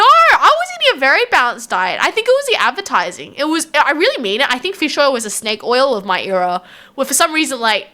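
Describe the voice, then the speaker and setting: An Australian woman chatting with her viewers in a live stream, rambling loosely from thought to thought and laughing often. Her voice sits high and bright, and it swings up and down with lots of life. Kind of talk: casual chat with viewers.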